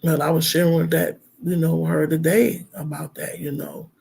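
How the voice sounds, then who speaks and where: A man's voice: a little high, level tone, normal speed, creaky, darkish tone, husky. A middle-aged man, a minister, talking heartfelt and rambling on a casual livestream, with lots of fillers.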